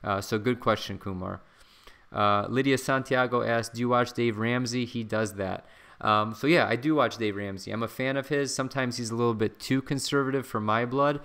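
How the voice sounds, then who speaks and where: A man with a mid-range voice and moderate pace runs a casual stock-market livestream at home. He chats in a relaxed way, using fillers and often turning aside to address viewers.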